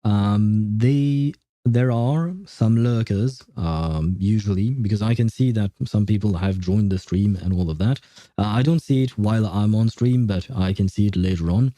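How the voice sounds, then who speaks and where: A man's voice: fairly low pitch, moderate pace, dry recording, clean studio sound. A man streaming a game, reading its lines aloud and chatting loosely with many fillers. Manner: relaxed, rambling commentary with frequent fillers.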